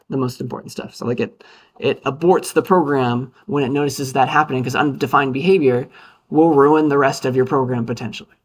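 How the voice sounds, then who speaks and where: A male university lecturer giving a casual, upbeat classroom lecture with playful asides. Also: mid-range voice.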